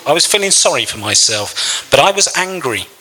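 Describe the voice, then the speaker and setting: A man's voice: on the high side, big pitch swings, moderate pace, sharp tone, big-room sound, low-quality recording. A man preaching a sermon, telling a personal story in an earnest, emotional way. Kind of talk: sermon testimony.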